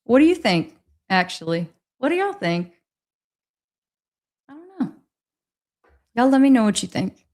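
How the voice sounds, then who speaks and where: A woman's voice: fairly high pitch, very animated, a little slow, pauses often, darkish tone. A woman hosting a casual livestream, talking with the chat in a rambling, hesitant way, with many restarts. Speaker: livestream host reading chat.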